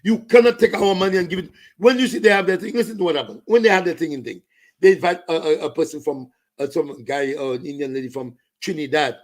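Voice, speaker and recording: A man's voice: on the high side, fast. A man with a Saint Lucian accent ranting about politics, slipping into Creole and French. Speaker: political commentator. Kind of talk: impassioned political rant.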